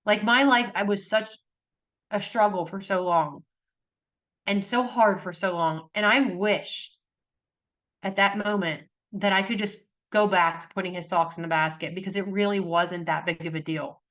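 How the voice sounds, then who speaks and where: A woman's voice: mid-range voice, fairly even intonation, moderate pace, a bit bright. A woman, likely in her thirties, a podcast guest talking earnestly and animatedly in casual conversation.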